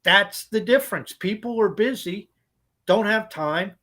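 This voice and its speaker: Podcast co-host, male, high voice, blunt profane ranter. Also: measured pace, bright, forceful tone. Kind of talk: casual podcast chat.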